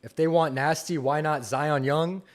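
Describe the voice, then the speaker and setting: Young dude hosting a live fan stream, hyped and chatty, says stuff twice. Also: male voice, on the high side, measured pace. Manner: excited, enthusiastic, repeats himself. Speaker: podcast host. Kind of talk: live fan reaction commentary.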